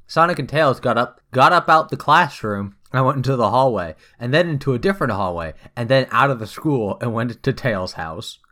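Screaming, animated young man. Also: mid-range voice, moderate pace, few pauses. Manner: screaming, swearing, easily set off. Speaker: co-host reading fan fiction. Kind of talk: comedic dramatic reading.

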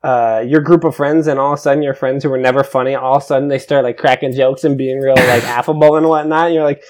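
A young man telling animated stories in casual chat, swearing and acting out his own reactions. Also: medium pitch, fast talker, hardly any pauses. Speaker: podcast co-host.

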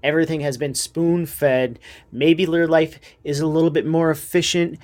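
A man co-hosting a podcast in casual chat, hesitant and halting with many fillers. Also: on the high side, fairly even intonation, a little mellow. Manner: hesitant, full of restarts and fillers. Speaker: podcast co-host.

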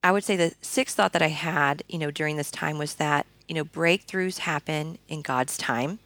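A woman in her thirties tells her personal story in an earnest, conversational way, often restarting her sentences. Her voice sits low and carries a gravelly fry. The recording is dry and close. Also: moderate pace, a bit bright, dry recording. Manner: earnest, frequent fillers and restarts. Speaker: podcast guest.

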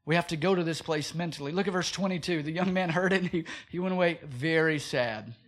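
Preaching as a pastor, this man speaks on the high side and at a quick pace. His sermon is animated and packed with rhetorical questions.

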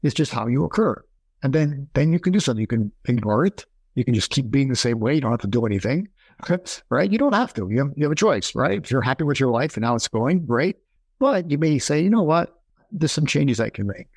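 A man speaking quickly as a guest on a podcast, in a close, dry recording with no room sound. He tells stories with energy and jumps into quoted voices as he goes. His pitch sits in the middle range. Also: slightly rough, dry recording. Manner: animated storyteller, acts out quoted voices. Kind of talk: conversational interview.

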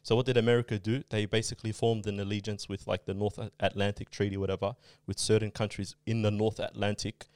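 Fast-talking man in casual podcast chat. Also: lowish voice, little pitch movement, darkish tone, clear, resonant tone, no room sound. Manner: rambling, explains with many fillers. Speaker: podcast co-host.

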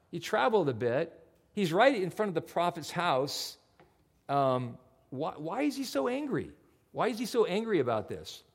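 A man preaching a sermon as pastor, in an animated, conversational storytelling way. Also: sits high.

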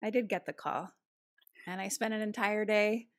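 A woman's voice: mid-range voice, fairly even intonation, moderate pace. A young woman, a guest on a podcast, telling stories in a casual, giggly way. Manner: giggly storyteller. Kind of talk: casual chat.

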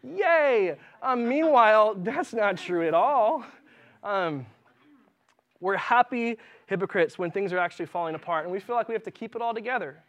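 A man's voice: sits high, normal speed, fairly bright tone, lo-fi sound. A man preaching a sermon in a church, reading scripture with passion and talking conversationally with fillers.

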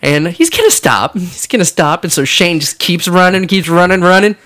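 A man's voice: high-pitched, moderate pace, noisy background. A man, a father with young kids, telling a funny story on a podcast, laughing through it and acting out the quotes. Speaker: podcast co-host. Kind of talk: casual chat.

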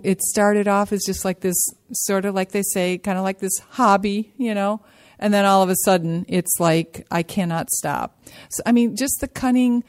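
A woman giving a personal testimony as a speaker at a support-group workshop. She talks in a halting, earnest way, restarting sentences and repeating key words for emphasis. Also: lowish voice, darkish tone. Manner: halting and repetitive, with many restarts and hesitant pauses. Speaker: workshop speaker sharing her recovery story. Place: meeting room at a workshop.

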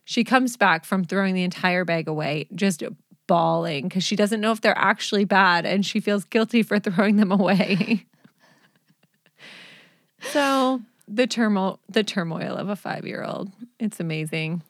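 A woman's voice: medium pitch, measured pace, no echo, studio quality. A woman in her forties, a mother co-hosting a podcast from home, telling stories bluntly and laughing often. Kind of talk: casual chat.

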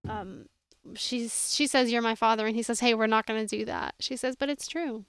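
A woman's voice: a little high, steady tone, normal speed, a bit bright, clean tone, no room sound. A woman co-hosting a casual show recap, exasperated and sarcastic, recounting scenes from her notes. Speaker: podcast co-host.

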